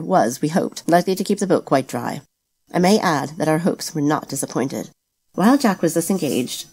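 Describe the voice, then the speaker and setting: A woman reading a novel aloud as a steady, brisk audiobook narrator. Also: sits low. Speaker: audiobook reader.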